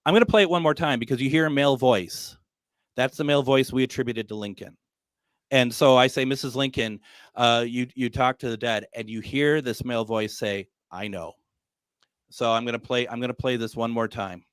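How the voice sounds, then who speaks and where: A man's voice: mid-range voice, brisk, clean tone, dry recording. A man hosting a live paranormal radio talk show, telling stories animatedly and acting out his own quotes with plenty of fillers.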